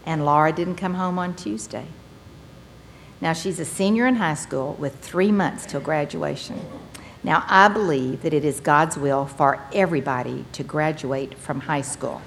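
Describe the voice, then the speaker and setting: A woman's voice: low voice, measured pace, creaky, slight background noise. Earnest woman telling her story. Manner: earnest storytelling, animated bursts, folksy phrasing. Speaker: speaker sharing her recovery story. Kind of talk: personal testimony talk to a meeting.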